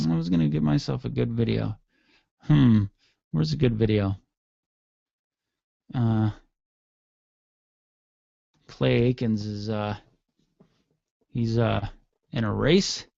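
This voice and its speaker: A man's voice: medium pitch, creaky, a little mellow, no echo, lo-fi sound. Rambling profane male radio host. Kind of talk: casual solo talk radio rant.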